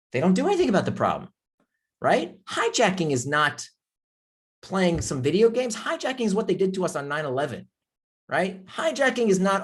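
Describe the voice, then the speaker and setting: A man giving an impassioned talk on a video call, with emphatic rhetorical questions, then calmly answering audience questions from the chat. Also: high-pitched, husky. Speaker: author and speaker.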